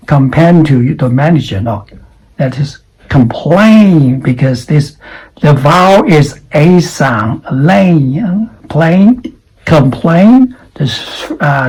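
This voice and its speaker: A man teaching English pronunciation, repeating each word slowly as a drill. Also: a little high, dark tone, breathy edge, low-quality recording. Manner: slow, repeats words for drills. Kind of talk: pronunciation lesson.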